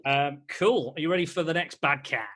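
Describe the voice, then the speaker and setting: A man's voice: on the high side, fairly quick, bright, forceful tone. A man hosting a podcast, chatting casually and rambling with many fillers and restarts. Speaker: podcast host. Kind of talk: casual chat.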